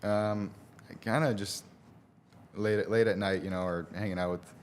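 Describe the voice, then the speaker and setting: A young man with a somewhat low voice answers questions in a relaxed, hesitant way, laughing easily between thoughts. He sounds like a college athlete chatting as a guest. Faint noise sits in the background. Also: moderate pace. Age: young adult. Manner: easygoing, hesitant, many fillers and restarts, laughs often. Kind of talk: casual interview answers.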